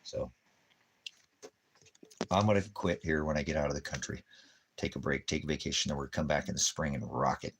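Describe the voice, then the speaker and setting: Man, very low voice, casual rambling livestream talk, preachy, cursing, faint ambient noise. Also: steady tone, normal speed. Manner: baby talk to his dog. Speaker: YouTube channel host.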